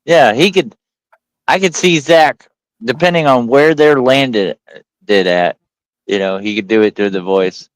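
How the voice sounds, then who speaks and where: A military veteran chatting casually with friends, laughing and repeating himself. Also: male voice, mid-range voice, unhurried, low-quality recording. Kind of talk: casual chat.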